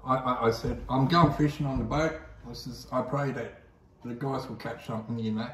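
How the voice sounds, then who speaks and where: A man's voice: mid-range voice, fairly even intonation, moderate pace, fairly bright tone, far from the mic, a little hiss or hum. A man with an Australian accent telling a story in a casual, rambling way, often repeating himself. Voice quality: rambling, repeats words, lots of "I says". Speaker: guest telling his testimony. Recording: echoey room, voice off-mic.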